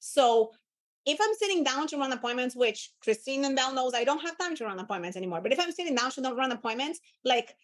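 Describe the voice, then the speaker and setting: Woman, sales trainer, assertive, commanding, emphatic repeats, higher pitched. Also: lively intonation, quick pace. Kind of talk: live sales training talk.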